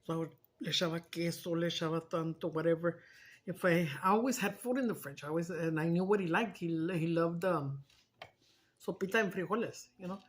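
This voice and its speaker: A woman's voice: fairly low pitch, brisk, husky. A woman chatting casually in a vlog, telling stories with feeling, swearing and slipping in Spanish. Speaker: mukbang vlogger. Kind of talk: casual storytelling chat.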